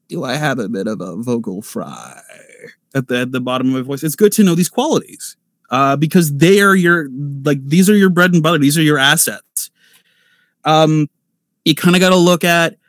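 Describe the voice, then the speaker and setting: A man's voice: fairly high pitch, dry recording, studio quality. A man who is a voice actor giving casual advice on a convention panel, rambling with lots of fillers and restarts. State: nervous at first panel.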